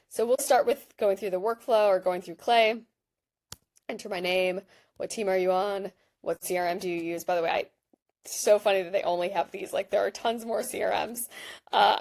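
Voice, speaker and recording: A woman in her thirties giving a chatty, animated product walkthrough while she clicks through an app, with lots of "like" fillers. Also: medium pitch. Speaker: behavioral design researcher. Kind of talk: screen-share product walkthrough.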